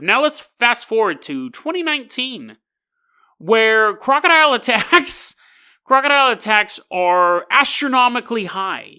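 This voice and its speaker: A man's voice: high-pitched, expressive, measured pace, bright, forceful tone, clean tone. A man hosting a podcast, telling a story in a rambling, jokey way and laughing often. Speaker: podcast host.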